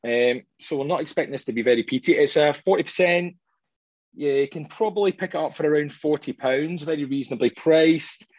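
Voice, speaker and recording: A man's voice: on the high side, brisk, dry recording, highs cut off. A Scottish man hosting a whisky tasting, chatting casually in a jokey, self-deprecating way. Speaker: host of a whisky tasting show.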